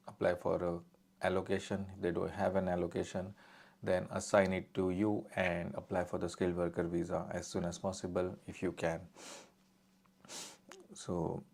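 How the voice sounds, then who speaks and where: A man's voice: deep voice, gravelly, a little mellow. A man answering viewer questions on a live stream as an immigration adviser, reading each one out and then answering plainly and directly.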